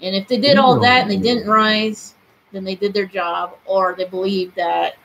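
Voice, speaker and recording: A woman's voice: medium pitch, steady tone, moderate pace, gravelly, a bit bright, slight background noise, poor audio. Chatty young woman talking to spirits. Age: 20s. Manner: chatty, asks spirits questions aloud. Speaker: paranormal streamer. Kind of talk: casual live-stream chat. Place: bedroom.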